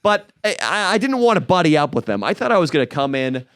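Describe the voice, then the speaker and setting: A man's voice: on the high side, fast talker. A man co-hosting a comedy podcast, telling a rambling story and acting out the people in it, recorded on a studio mic. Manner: animated storyteller, acts out scenes. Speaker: podcast co-host. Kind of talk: casual comedic podcast chat. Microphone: studio microphone.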